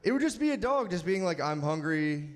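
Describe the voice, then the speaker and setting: A man's voice: high-pitched, lively intonation, fast, darkish tone. A man doing crude stand-up crowd work on a club stage, brash and profane, laughing at his own jokes.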